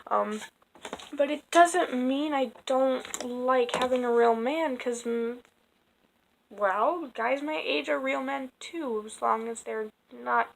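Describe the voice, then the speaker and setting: A woman's voice: high-pitched, slow, creaky, slight background noise, low-quality recording. Exasperated young woman vlogger. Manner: exasperated, sarcastic, swears freely. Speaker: vlogger reading dating app messages. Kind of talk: casual storytelling. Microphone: phone.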